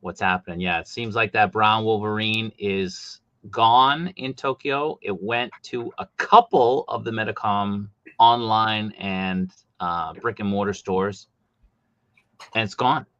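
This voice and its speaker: A man hosting a casual livestream chat about collectible figures, talking animatedly, his voice jumping high when he gets exasperated. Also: unhurried, a bit bright, dry recording, dull audio. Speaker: host.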